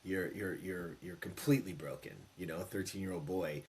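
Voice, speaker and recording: A man in his fifties, a podcast guest, telling a personal story in an animated, emphatic way and acting out the quotes. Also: deep voice, a little fast. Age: 50s. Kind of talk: storytelling in an interview.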